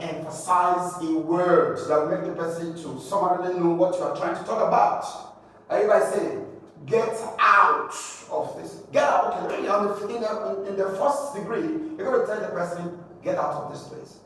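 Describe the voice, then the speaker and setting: In a classroom, a man with a Nigerian English accent teaches at a board in a high voice, drilling words aloud by sounding them out over and over. The distant mic picks up a boomy, echoing room with faint background noise.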